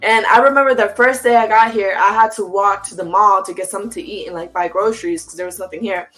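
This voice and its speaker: A woman's voice: medium pitch, faint music behind, poor audio. A young woman, an interview guest, telling a story in casual chat with slang and acted-out quotes. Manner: animated, fast slangy storytelling with reenacted quotes.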